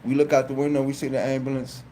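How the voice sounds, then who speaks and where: A man tells a story in a casual, rambling style with lots of swearing. His voice sits at an ordinary middle pitch, and a faint hiss of noise runs under it. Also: fast. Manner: animated, profane, repeats phrases. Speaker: live streamer.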